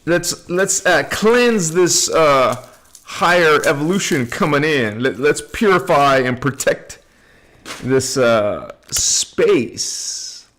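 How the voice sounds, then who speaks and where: Male livestream host, unhurried and playful, chatty and giggly, greeting viewers one by one. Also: fairly high pitch. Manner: playful, laughs often, greets viewers by name; relaxed and unhurried. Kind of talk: casual spiritual livestream chat.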